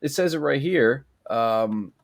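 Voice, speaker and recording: An eager podcast co-host with a mid-pitched voice, recorded dry with no room sound. He talks in loose, casual chat, stumbling and restarting his sentences. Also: animated, creaky, no room sound. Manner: enthusiastic, halting, with many restarts.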